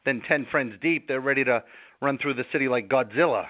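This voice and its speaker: A man gives self-help advice in a relaxed live interview. He is animated and acts out angry outbursts to make his point. The sound is tinny and phone-like, with a dry, close feel. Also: medium pitch, brisk, dry recording.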